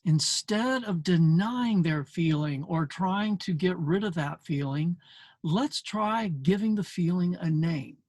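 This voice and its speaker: A man's voice: sits high, slow, a little mellow, no echo. An older man hosting a parenting show, explaining a book in an earnest talk with many fillers. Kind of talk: casual talk to camera.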